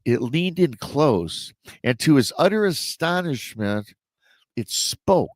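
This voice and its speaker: A host and storyteller with a slightly high, sing-song voice speaks at a slow pace, with no echo. He casually retells a listener's true encounter story, drifting into rambling asides to his audience.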